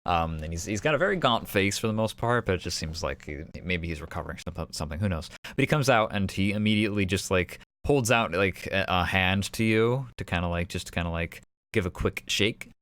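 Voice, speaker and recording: Deep-voiced man running the game. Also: animated, brisk, fairly bright tone, no room sound. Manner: rambling, full of fillers. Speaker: game master. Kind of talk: casual tabletop narration.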